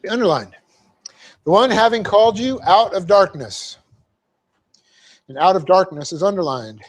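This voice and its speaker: A man's voice: high voice, animated, moderate pace. A middle-aged man, a pastor, teaching a Bible passage word by word with frequent "okay?" checks and homely asides. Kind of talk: verse-by-verse teaching sermon. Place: church hall.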